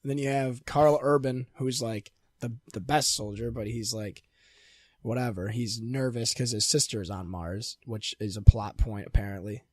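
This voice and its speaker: A man's voice: medium pitch, normal speed, no room sound, studio quality. A young man co-hosting a podcast, telling stories in casual chat with swearing and frequent laughter. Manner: animated, swearing storyteller, laughs often. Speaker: podcast co-host.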